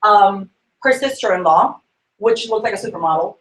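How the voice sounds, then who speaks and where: A woman telling a sales story to a group. She talks in a lively way, acts out quoted voices and laughs often. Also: medium pitch, moderate pace, echoey room, low-quality recording. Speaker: sales consultant sharing a tip. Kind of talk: animated storytelling talk.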